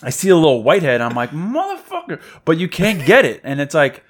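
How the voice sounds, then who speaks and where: A man's voice: on the high side, animated, fast talker. A man co-hosting a casual podcast, rambling and swearing freely as he acts out little everyday scenes. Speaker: podcast co-host. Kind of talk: casual chat.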